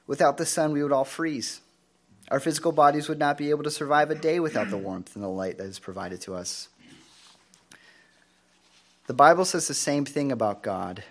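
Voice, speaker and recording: A man preaching a sermon in an earnest, measured way, asking the congregation rhetorical questions. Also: medium pitch, a bit bright.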